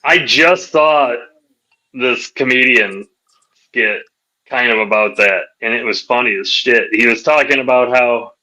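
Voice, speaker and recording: A middle-aged man in casual chat, retelling a comedy skit and jumping into high voices for the characters. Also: measured pace, rough recording. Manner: animated storyteller, jumps high for quoted voices. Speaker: podcast host.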